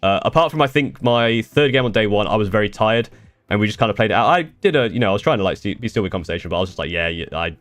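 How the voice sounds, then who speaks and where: Fast-talking man rambling on stream. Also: on the low side, lively intonation, no echo. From United Kingdom. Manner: rambling with restarts and swearing, quick bursts. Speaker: streamer answering chat. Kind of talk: casual live-stream chat.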